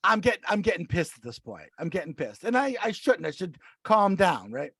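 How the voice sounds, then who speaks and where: A man co-hosting a podcast, telling a long story in casual chat, animated and acting out the voices he quotes. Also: high-pitched, brisk, slightly rough, no room sound. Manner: animated, acts out quoted voices, many restarts. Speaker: podcast co-host.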